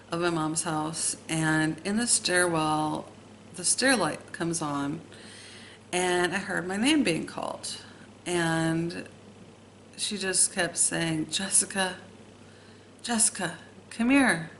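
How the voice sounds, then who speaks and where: A woman telling a personal ghost story in a hesitant way, pausing often with fillers. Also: low-pitched, gravelly, fairly bright tone, a little hiss or hum, rough recording. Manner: slow, hesitant, with many pauses and fillers.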